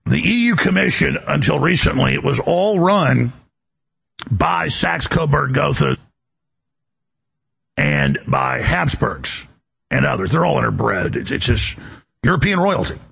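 Gravelly, lively-voiced male talk host. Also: mid-range voice, a little slow, pauses often. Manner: emphatic, rambling, repeats words when ranting. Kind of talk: political talk monologue.

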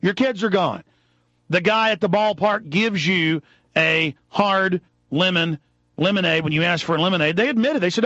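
A man hosting a radio talk show, delivering a heated, angry political rant that builds into shouting. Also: sits high, no echo, muffled recording. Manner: fast, angry, rising to shouts. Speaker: radio host.

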